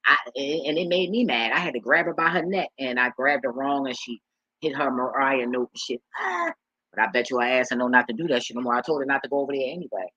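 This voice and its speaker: Woman vlogger, rambling and profane, bright husky voice, dry close sound. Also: a bass voice, animated, fast, no room sound, highs cut off. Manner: loose and profane, rambling with many restarts; talks straight to her viewers as y'all. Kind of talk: casual rambling monologue to viewers.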